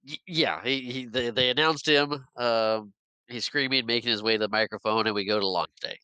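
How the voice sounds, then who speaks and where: Male podcast co-host, mid-pitched and crisp, giggly halting delivery, dry sound. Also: sharp tone, no room sound, lo-fi sound. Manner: giggly, halting, restarts a lot. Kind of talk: casual movie recap chat.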